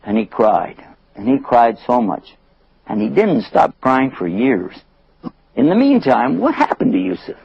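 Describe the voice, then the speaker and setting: A man telling a story to an audience in a lively way, acting out the voices and chuckling often. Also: mid-range voice, measured pace, vocal fry, husky, no echo, highs cut off.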